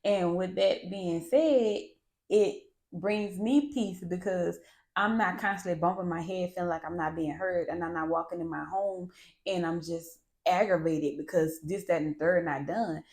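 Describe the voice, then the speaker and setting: A woman hosting a podcast, talking candidly and bluntly about parenting, swearing freely in a lively, animated way. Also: lowish voice, measured pace. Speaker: podcast host. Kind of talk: candid monologue.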